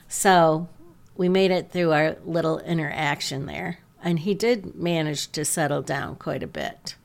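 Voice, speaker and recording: Low voiced woman podcaster, slow calm story about a patient. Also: vocal fry. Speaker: podcast host, nurse.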